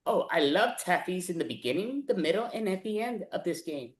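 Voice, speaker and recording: A woman's voice: on the low side, lively intonation, brisk, reverberant, close to an everyday voice. A woman on a video call playing a proud lady in an improv scene, speaking in a mock-Cockney accent with an indignant, rambling manner.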